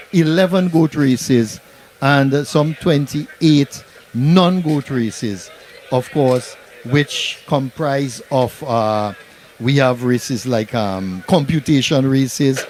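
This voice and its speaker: A man's voice: fairly high pitch, darkish tone, slight background noise. Chatty man hosting a sports day. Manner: chatty, rambling, many fillers. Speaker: event host. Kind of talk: live event commentary. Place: seated at an outdoor sports ground.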